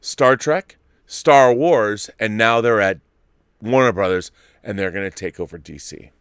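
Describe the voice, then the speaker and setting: Bright, ranting man hosting a late-night stream. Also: lowish voice, a little slow, clean tone, no echo, studio quality. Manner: ranting, profane, loud bursts. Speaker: host.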